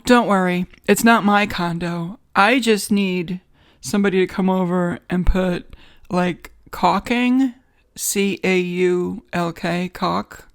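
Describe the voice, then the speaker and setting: A woman with a New York accent hosting a podcast, giving a wry, sarcastic, rambling comedic monologue from a home studio in a guest bedroom. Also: mid-range voice. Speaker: podcast host.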